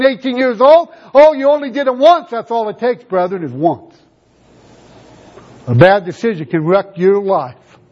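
A man with a high, darkish voice preaches a sermon to his congregation, emphatic and full of rhetorical questions. The recording is dull and lo-fi.

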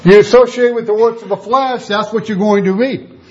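A man's voice: high-pitched, fairly even intonation, moderate pace. A man preaching a sermon, telling a story and acting out the voices of the people in it. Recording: dull lo-fi sound.

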